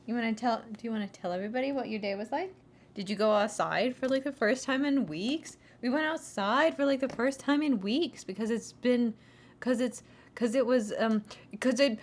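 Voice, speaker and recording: A young woman chats casually on a stream, rambling with many restarts and little giggles. Her voice is a little high and her pace moderate.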